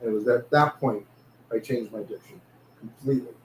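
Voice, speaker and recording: A man with a New York accent, co-hosting a casual chat and telling animated stories. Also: mid-range voice, a little fast. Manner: storytelling, animated anecdotes. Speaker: podcast co-host. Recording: echoey room with faint background hiss.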